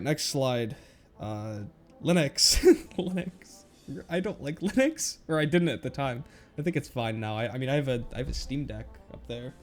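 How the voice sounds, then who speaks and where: A young man talks loosely through his old slides, rambling, laughing and poking fun at himself. His voice sits at an ordinary pitch and he talks into a webcam. Light music plays faintly behind him. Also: darkish tone. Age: young adult. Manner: rambling, self-mocking, laughs often. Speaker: YouTuber. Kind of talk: casual commentary on old school slides. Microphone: webcam recording.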